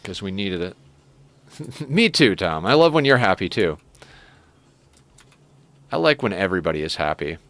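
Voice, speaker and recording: Here the streamer's low voice turns sing-song and fairly bright, with no echo, as he talks at a moderate pace and pauses often. He's playing a game, joking around and chatting with his viewers and his cat.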